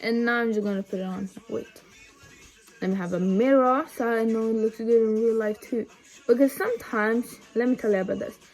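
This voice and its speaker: A young woman vlogging a casual makeup tutorial at home, rambling and chatty with lots of ums and side remarks, recorded on a phone camera set low. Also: fairly even intonation, fairly quick, darkish tone, faint music behind.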